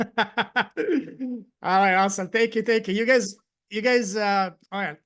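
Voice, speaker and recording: A man's voice: high voice, slow pace, a bit bright. A man hosting a live group call, effusive and grateful, thanking people again and again. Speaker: host and coach.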